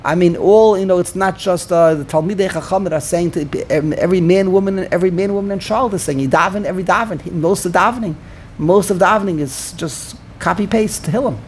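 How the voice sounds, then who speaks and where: High-voiced man explaining grammar points. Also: fairly quick, a little hiss or hum. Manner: explanatory, repeats words while thinking. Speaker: Torah study participant. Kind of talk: casual study discussion.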